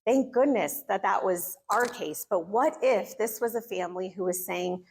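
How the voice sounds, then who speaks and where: A middle-aged American woman speaking to a church gathering, telling a personal story in an earnest, animated way. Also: medium pitch, moderate pace, slightly rough. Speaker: conference speaker. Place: church hall.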